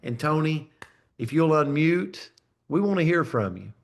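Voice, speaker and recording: A man's voice: fairly high pitch, big pitch swings, unhurried, creaky. Effusive man cheering on a video call. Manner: enthusiastic, effusive, hype-building. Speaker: network marketing company leader. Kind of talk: upbeat congratulatory speech on a video call.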